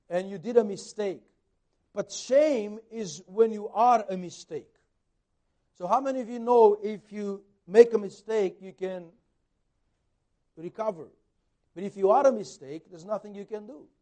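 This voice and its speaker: A man preaching a sermon, retelling a Bible story in an animated way, his loudness rising and falling. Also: sits high.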